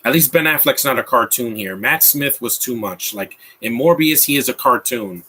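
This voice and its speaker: A man's voice: medium pitch, expressive, moderate pace, sharp tone, husky. A man in his thirties giving a rambling, mocking live commentary over a movie, with frequent restarts. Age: 30s. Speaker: film commentator.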